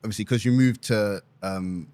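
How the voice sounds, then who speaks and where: A man hosting a podcast, asking questions in casual chat with quick back-channel replies. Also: lowish voice, dark tone, clean tone. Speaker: podcast host.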